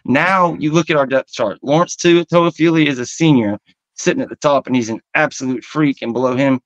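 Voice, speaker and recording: A man's voice: medium pitch, a little fast, dry recording, highs cut off. A man with a Southern accent co-hosting a casual sports podcast, rambling with lots of fillers and some swearing. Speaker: podcast co-host.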